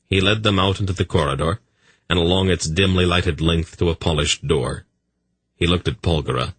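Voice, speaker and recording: A man narrating a fantasy audiobook in a measured storytelling manner. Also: sits low, fairly bright tone, breathy edge, dry recording.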